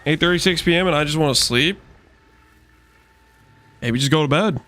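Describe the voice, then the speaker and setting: A man's voice: a little high, moderate pace, fairly bright tone. A man streaming a video game, chatting casually and rambling with lots of fillers while joking with his chat.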